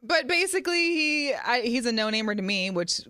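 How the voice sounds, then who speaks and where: A woman's voice: a little high, sing-song, brisk, bright, forceful tone, no room sound. A woman co-hosting a casual sports chat show in a studio, giggling, rambling and tripping over names. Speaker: co-host.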